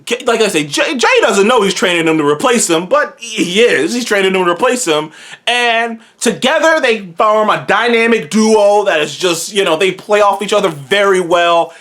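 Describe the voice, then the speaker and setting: This is a casual movie review monologue from a channel host who gets worked up fast. The speech is loose and profane, with sudden high leaps in the voice on the parts that thrill them most. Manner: excitable, swears freely, jumps up in pitch when enthused.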